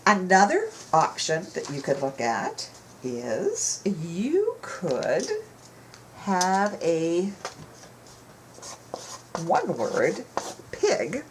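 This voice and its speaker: Woman children's author, low-pitched, unhurried classroom-video delivery, savors her puns. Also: wildly swooping pitch, noisy background. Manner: playful, lingers on puns and repeats them. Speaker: children's author teaching writing. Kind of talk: video writing lesson for children.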